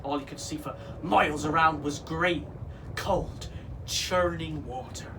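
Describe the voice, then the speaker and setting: A man performing as a pirate king, reading a storybook aloud to children in a slow, expressive way. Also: fairly high pitch. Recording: voice from some distance off with faint hiss.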